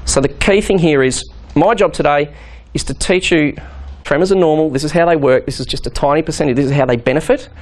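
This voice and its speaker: A man, a physiotherapist leading a workshop and explaining exercises in an animated way, often acting out quoted voices. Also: a little high, quick pace. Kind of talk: workshop instruction.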